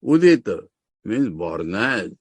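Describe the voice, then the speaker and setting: A man's voice: on the low side, big pitch swings, slow pace, a little mellow, husky, no echo. A man with an Indian English accent, teaching scripture as a monk, explaining Sanskrit terms word by word with emphatic rises. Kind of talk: scriptural discourse.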